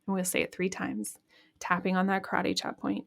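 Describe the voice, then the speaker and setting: A woman hosting a podcast, calmly guiding listeners through an EFT tapping session with repeat-after-me phrases. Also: mid-range voice, moderate pace, gravelly. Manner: calm instructive, leads repeat-after-me phrases. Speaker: podcast host and EFT coach. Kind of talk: guided EFT tapping lesson.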